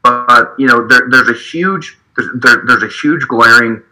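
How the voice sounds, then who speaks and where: A man's voice: mid-range voice, moderate pace, pushed and bright, soft background music, poor audio. A man from Utah telling a heated, profane story in a casual political discussion, stumbling and restarting as he talks. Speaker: activist guest, state party delegate. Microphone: video call.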